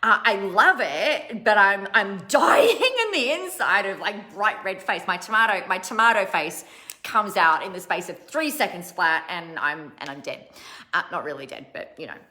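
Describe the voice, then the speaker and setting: Bright-voiced chatty woman. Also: mid-range voice, lively intonation, normal speed. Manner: chatty, laughing, self-mocking, breaks off mid-sentence. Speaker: online business coach. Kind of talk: casual livestream talk to followers.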